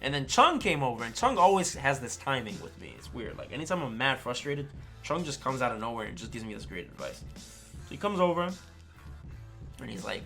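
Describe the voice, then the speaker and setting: A man chatting casually on a stream, telling a story in an animated way with slang and swearing and often checking in with his listeners. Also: mid-range voice, fairly quick, faint music behind. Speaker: streamer and fighting game player. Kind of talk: casual chat.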